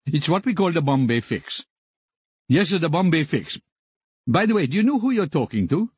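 A man's voice: fairly high pitch, big pitch swings, moderate pace, darkish tone, slightly rough, no echo, pitched above the performer's own voice, heavily acted. A man putting on an over-the-top comic Indian accent to play an obsequious tech-support man on the phone. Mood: fawning. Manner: obsequious, repeats sir and yes.

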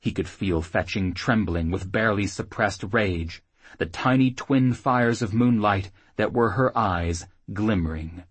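A man reading an audiobook in an expressive, steady storytelling manner, close on the mic. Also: on the low side, measured pace, husky, no room sound. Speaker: audiobook narrator. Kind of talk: scripted narration.

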